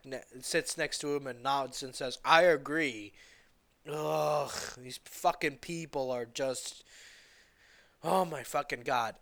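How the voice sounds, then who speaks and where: A man's voice: mid-range voice, a bit bright. Man ranting angrily at a camera. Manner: heated, repetitive, stumbling restarts, bitter laughs. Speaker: vlogger. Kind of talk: angry profane rant.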